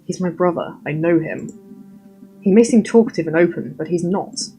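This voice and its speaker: A woman reading the lines of a calm, guarded young man in a story game, soft-spoken and measured. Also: high-pitched, soft background music, lightly acted, poor audio. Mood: quiet. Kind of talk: reading game dialogue aloud.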